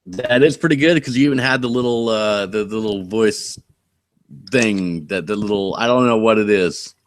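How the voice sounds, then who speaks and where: A man's voice: on the low side, normal speed. A man from Oregon hosting a casual live stream, chatty and rambling as he thinks aloud. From Oregon, USA. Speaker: host.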